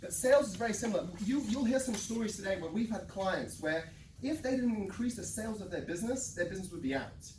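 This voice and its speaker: Energetic sales trainer in an echoey room. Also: mid-range voice, fast, a little hiss or hum. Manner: energetic storyteller, keeps asking "right?". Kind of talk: live workshop talk to a room. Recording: echoey room, mic at a distance.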